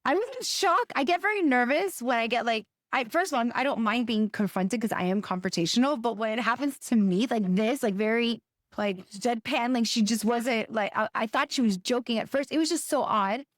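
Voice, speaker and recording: Animated middle-aged woman telling a story. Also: on the high side, a little fast, dry recording, studio quality. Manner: animated, hesitant retelling with many restarts. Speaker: podcast co-host. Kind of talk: casual anecdotal storytelling.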